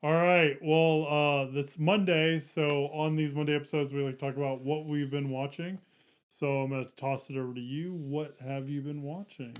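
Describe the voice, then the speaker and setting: A man's voice: a little high, fairly even intonation, normal speed, clean tone. A man co-hosting a podcast, chatting casually about movies and mostly chiming in to agree. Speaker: podcast co-host.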